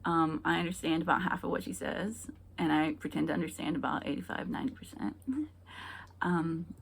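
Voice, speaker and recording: A woman with a low, gravelly, husky voice does a stand-up comedy set at a slightly quick pace. Her delivery is hesitant and full of ums before she lands dry punchlines.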